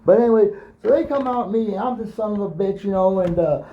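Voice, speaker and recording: Rambling, profane man on a dull recording. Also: sits high. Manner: profane, halting, full of fillers and restarts. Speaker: storyteller recounting his own ordeal. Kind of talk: rambling personal account. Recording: dull lo-fi recording with faint hiss.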